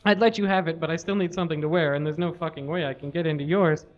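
A man's voice: on the high side, steady tone, fast talker, close to an everyday voice. A man voicing a brash, emotional middle-aged male governor who talks bluntly and profanely, on a slightly muffled live recording. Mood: sheepish.

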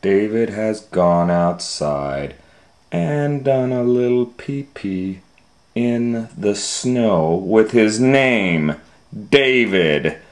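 A man reads a children's picture book aloud at a very slow, unhurried pace. His voice sits a little low. He swings between loud scolding calls and soft, hushed asides. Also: animated. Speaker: storytime host reading a picture book.

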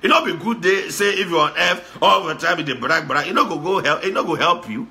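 A man with a Ghanaian accent giving lively, repetitive casual commentary, slipping between Pidgin and Twi. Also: on the high side, fairly quick.

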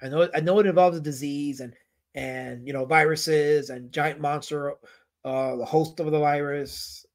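Guy streaming to his chat, pretty high voice, rambly, goofy fake outrage bits. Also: steady tone, measured pace. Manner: rambling, answers chat, playful mock outrage. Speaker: livestream host reviewing comic artists. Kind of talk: casual livestream chat with viewers.

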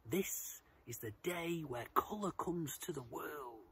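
A man voicing an old wise male owl in a children's story, speaking slowly and calmly. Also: fairly high pitch, creaky, slight background noise, full character voice. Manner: slow and measured.

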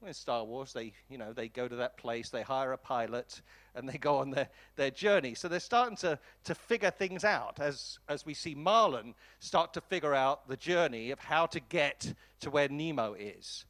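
A man giving a master class lecture to film students, talking with lively enthusiasm and often restarting his sentences. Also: medium pitch, normal speed. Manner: animated and enthusiastic, voice jumps up when excited; frequent restarts and repeated words.

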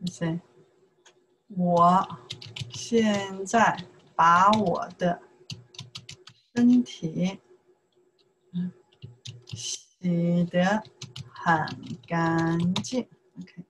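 A woman with a Chinese accent, a native Chinese speaker, teaching a casual language lesson in slow, repetitive steps and checking "okay?" after each point. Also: fairly low pitch, fairly even intonation, a bit bright, slight background noise, poor audio. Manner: slow, repeats words, says okay often.

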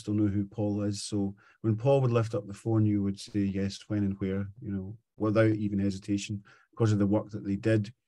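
A man's voice: on the low side, no echo. A middle-aged Scottish man, a musician guest, chatting and telling stories in an interview. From Scotland. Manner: chatty, animated storytelling. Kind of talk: casual interview chat.

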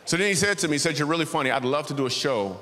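Animated male comedian in a big hall. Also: fairly high pitch, racing. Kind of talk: stand-up comedy set in a church. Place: large church auditorium. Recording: reverberant hall, faint ambience.

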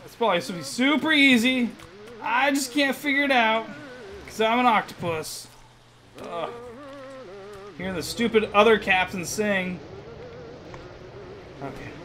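Frustrated high-voiced man playing a game. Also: normal speed, pauses often, pushed and bright, rough recording. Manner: frustrated, groaning and muttering at the game. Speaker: let's play host. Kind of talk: gameplay commentary.

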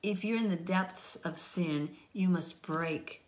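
A woman's voice: low-pitched, normal speed, vocal fry, few pauses. Earnest woman reading and teaching scripture. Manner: earnest, pleading, sometimes whispered. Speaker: Bible teacher.

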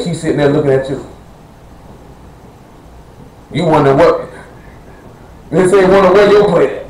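Preacher, male, blunt and conversational, quizzes the congregation; slightly high voice. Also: a little mellow, reverberant, low-quality recording. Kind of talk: sermon. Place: church assembly hall.

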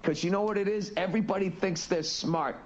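A man's voice: high-pitched, fairly even intonation, brisk, muffled recording. A man, a comedian, ranting in a loose podcast style, swearing constantly and restarting his sentences. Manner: profane, rambling, restarts often. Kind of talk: rambling podcast rant.

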